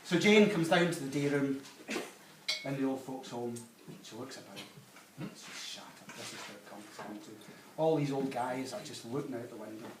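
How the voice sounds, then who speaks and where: A man's voice: medium pitch, normal speed, distant mic. Scottish best man in an echoey hall. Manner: joke-telling, cheeky, sentimental at the close. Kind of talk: wedding speech. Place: wedding reception hall. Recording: echoey hall, from afar, loud noise. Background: guests laughing.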